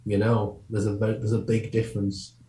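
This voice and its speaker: A man talking as a comedian guest in a casual interview, quick and rambling, often breaking off and restarting his sentences. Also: fairly low pitch, completely flat delivery, mellow, echoey room, a little hiss or hum.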